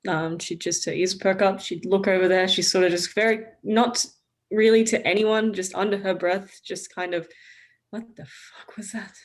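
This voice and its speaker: A woman with a mid-range voice plays a tabletop game. She describes her character slowly and hesitantly, thinking aloud as she goes. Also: mid-range voice, fairly even intonation. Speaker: player.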